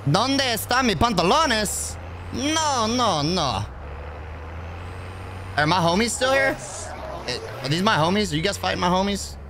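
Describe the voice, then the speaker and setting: Male game streamer, excitable, yells and pleads over voice chat; slightly high voice, noisy mix. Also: unhurried, pauses often. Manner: excitable, yelling and pleading at strangers. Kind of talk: gameplay commentary in voice chat. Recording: game sounds and chatter behind the voice.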